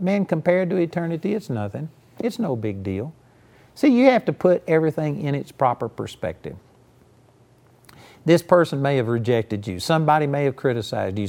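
A man's voice: medium pitch, darkish tone. Folksy preacher man telling stories. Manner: folksy, storytelling, emphatic, frequent "you know". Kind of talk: conversational sermon.

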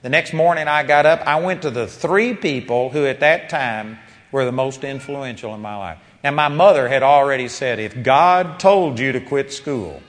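A man preaching a sermon, telling a personal story with animated rises and quiet drops when quoting people. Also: medium pitch, moderate pace. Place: large seminar hall. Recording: long reverb of a large hall.

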